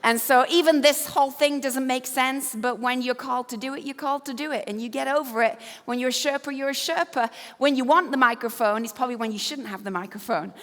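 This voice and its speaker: English woman, 50s, keynote speaker, crisp bright voice, humorous storyteller, reverberant venue. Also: high voice, brisk, few pauses. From Yorkshire, England. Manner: storytelling, self-deprecating humor. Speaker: conference speaker. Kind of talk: motivational keynote talk. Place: event stage. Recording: echoey hall.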